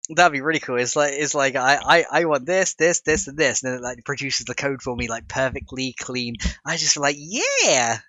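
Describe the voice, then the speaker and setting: A man with a bright, sharp tone talks to his live-stream viewers while he works on code. He keeps breaking into fits of laughter between his explanations. The close, dry sound gives no sense of a room around him. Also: mid-range voice, steady tone, a little fast, hardly any pauses, dry recording, muffled recording. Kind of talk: live-stream coding chat.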